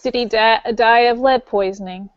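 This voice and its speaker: A woman's voice: a little high, fairly even intonation, moderate pace, smooth, dry recording, dull audio. A young woman co-hosting a podcast, curious and asking questions in a casual chat. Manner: curious, asks questions, laughs along. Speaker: podcast co-host.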